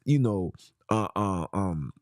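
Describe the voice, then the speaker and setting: A man's voice: low voice, animated, slow pace, no echo, studio quality. A man hosting a podcast, talking in a casual, emphatic monologue full of street slang and preachy asides. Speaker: podcast host.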